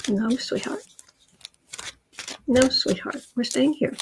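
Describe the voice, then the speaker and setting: Woman tarot host, home livestream, slow and rambling, faint hiss behind. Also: sits high, rough recording. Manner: rambling, pauses to settle her pets. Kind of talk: casual livestream tarot commentary.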